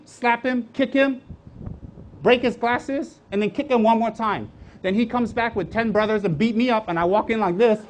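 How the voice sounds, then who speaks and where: A man gives a lively Buddhist dharma talk, full of jokes and rhetorical questions. He slips into the voices of the people he mocks and then drops back to his teaching voice. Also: very high-pitched. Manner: animated, joking, with rhetorical questions; acts out voices of others.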